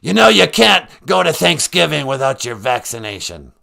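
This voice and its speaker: An older male doctor phones in to a comedy podcast and lectures the hosts in a fussy, earnest way, as the host puts him on. His pitch roams widely as he explains himself. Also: big pitch swings, moderate pace, gravelly, sharp tone, heavily acted. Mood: lecturing. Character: impression of a famous older male public health doctor, earnest and officious.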